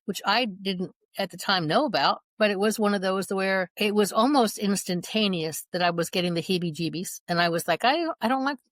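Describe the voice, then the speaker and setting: A woman's voice: medium pitch, fairly even intonation, moderate pace, hardly any pauses. Earnest middle-aged mother recounting events. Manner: earnest, reenacts dialogue in her retelling. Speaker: guest, mother. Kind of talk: personal account in conversation.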